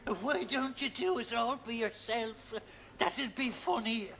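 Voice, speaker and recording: An actor playing a cheery old working-class patient who talks slowly and chuckles, in a 1970s TV sitcom. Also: male voice, very high-pitched, animated, vocal fry, pushed and bright, heavily acted. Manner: slow, chuckling. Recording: noisy old TV sitcom soundtrack.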